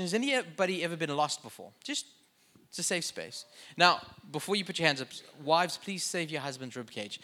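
A man's voice: on the high side, pushed and bright. A young adult man preaching a sermon in a humorous, conversational, self-deprecating way. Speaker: pastor.

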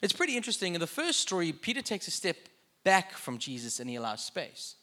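A man's voice: high voice, wildly swooping pitch, fairly quick, bright, forceful tone. A man preaching a sermon in a conversational way, with joking asides.

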